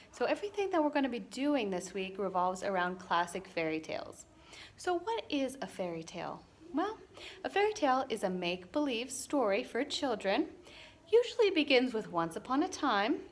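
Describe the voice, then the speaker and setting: A woman librarian giving a scripted introduction for children, explaining things in a clear, friendly way. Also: a little high, sing-song, moderate pace, a little hiss or hum.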